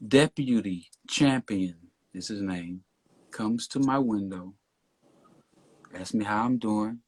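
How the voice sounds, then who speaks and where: A man telling a story as a podcast guest in casual talk, getting loud and worked up as he retells it. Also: fairly low pitch, takes it slowly, pauses often. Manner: animated, rising to near shouting when retelling the stop.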